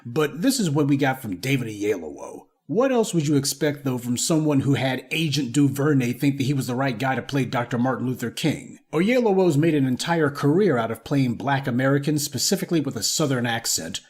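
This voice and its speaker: A man's voice: mid-range voice, expressive, a little fast, few pauses, a little mellow. A man delivering a scripted commentary monologue in an indignant, lecturing manner. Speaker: online commentator.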